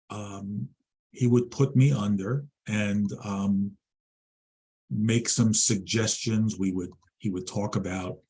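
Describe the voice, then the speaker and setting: Middle-aged New man, lowish husky voice, measured and pausing, interview guest. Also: a little mellow. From Long Island, New York. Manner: measured, with frequent ums and pauses. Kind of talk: interview conversation.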